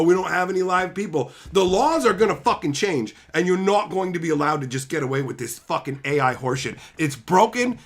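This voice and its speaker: A male streamer rants to his live chat, swearing constantly and mocking whatever he's talking about. His voice sits a little high and swings widely in pitch as he gets worked up. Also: fairly bright tone. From Canada. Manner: angry, profane, sarcastic ranting.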